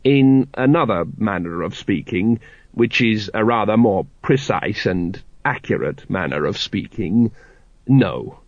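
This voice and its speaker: A man voicing an elderly male dwarf father, worried and hesitant, who speaks in slow, halting phrases. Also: on the low side, expressive, no echo. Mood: awkward, gentle. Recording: dry, dull lo-fi audiobook recording.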